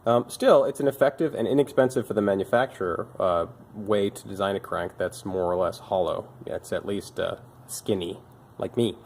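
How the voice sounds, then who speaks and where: A young man's voice sits on the low side, moving at a moderate pace with a slightly mellow tone, over a bit of hiss or hum. As a bike shop mechanic and video host, he casually presents old bike parts, tired and dryly poking fun at himself.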